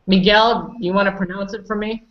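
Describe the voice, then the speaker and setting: A woman with a medium-pitched, steady voice leads an online English pronunciation lesson at a brisk pace, patiently correcting students and calling on each by name. The high frequencies are cut off.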